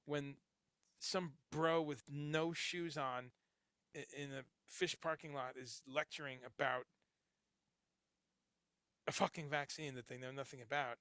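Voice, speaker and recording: A man's voice: fairly high pitch, fairly even intonation, measured pace, pauses often, pushed and bright, clean tone, no echo, clean studio sound. A middle-aged man who grew up in Chicago and the Caribbean, hosting a casual livestream, rambling and swearing as he reads chat comments aloud. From grew up in Chicago and Guyana, later New Jersey. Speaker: livestream host.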